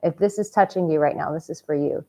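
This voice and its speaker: A woman dating coach giving a heartfelt motivational vlog talk, swinging from hushed tenderness to loud, exuberant outbursts and swearing casually. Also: low voice, quick pace.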